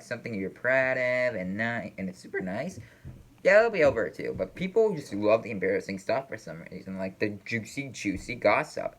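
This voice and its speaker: A man hosting a casual reaction video, talking in a rambling, halting way with many fillers and restarts, apparently from a room at home. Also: mid-range voice, fairly bright tone.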